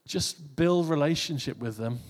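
A man's voice: on the high side, normal speed. A man giving an informal sermon to a congregation, talking in a conversational way that repeats and restarts phrases. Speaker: preacher. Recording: long hall reverb.

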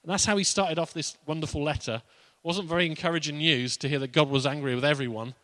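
A man's voice: on the high side, steady tone, fast, bright, forceful tone, no echo. Playful, conversational male preacher. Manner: conversational and playful, with laughs and asides. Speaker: pastor. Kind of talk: sermon.

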